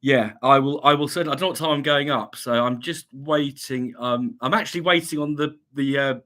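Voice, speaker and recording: A man's voice: mid-range voice, fairly quick, bright, forceful tone. A man from England hosting a casual livestream, reading chat messages aloud and chatting back with many ums and restarts, a slight cough lingering. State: slight cough, recovering from illness.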